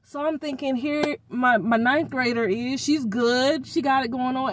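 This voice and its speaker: This vlogger is a middle-aged woman with a high-sitting voice, venting about her children at a normal speed with hardly a pause. She's expressive and exasperated, and her casual rant is peppered with slang.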